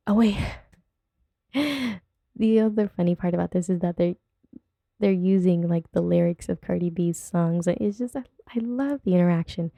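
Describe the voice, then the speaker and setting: A woman for whom English is a second language hosts a loose podcast from home. Her voice sits a little low and is deeply mellow and dark. She rambles, laughs easily and drifts off topic, all in a dry, unechoing sound. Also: normal speed, creaky, no echo. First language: not English. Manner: chatty, rambling, easily sidetracked, giggly. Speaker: podcast host. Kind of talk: casual podcast chat. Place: at home with her dog nearby.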